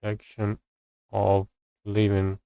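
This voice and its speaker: Gravelly low-voiced man studying aloud. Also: completely flat delivery, slow pace, no room sound, lo-fi sound. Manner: hesitant, thinking aloud with fillers, searching for words. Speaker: streamer studying English grammar. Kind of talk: live-stream study session, reading grammar rules aloud.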